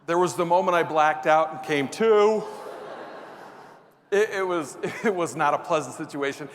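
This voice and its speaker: A man's voice: sits high, fairly bright tone, a little hiss or hum. A male motivational speaker telling a self-deprecating comic story in a live keynote on stage before an audience. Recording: reverberant hall, faint ambience.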